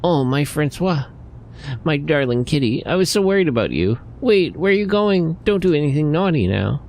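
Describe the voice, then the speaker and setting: A man voicing a boastful, scheming male crime boss from a video game, who taunts in a swaggering way and gushes in high baby talk over his cat. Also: big pitch swings, normal speed, darkish tone. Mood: doting. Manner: swaggering threats, then cooing baby talk.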